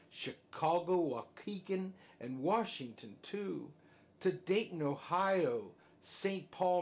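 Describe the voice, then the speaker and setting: Brief: dad at bedtime reading, slow sing-song, slightly high voice. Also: male voice. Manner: sing-song rhythmic reading, dropping soft at line ends. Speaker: father reading to his child. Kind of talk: reading a rhyming picture book aloud.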